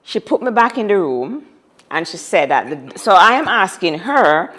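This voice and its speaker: A woman's voice: on the low side, big pitch swings, moderate pace, a bit bright. A woman telling a personal story as an interview guest, dramatic and repeating phrases for emphasis.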